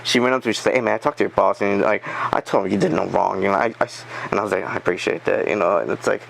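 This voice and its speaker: A man telling a story in a casual podcast chat, animated, swearing and acting out the quotes. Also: on the low side, racing, creaky, rough recording. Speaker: podcast guest.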